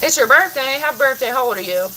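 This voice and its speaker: Rambling chatty woman, bright voice. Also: sits high, animated, quick pace, slight background noise, rough recording. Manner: rambling, heavy use of "like", casual swearing. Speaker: livestreamer chatting with viewers. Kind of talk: casual chat. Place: home kitchen, doing chores.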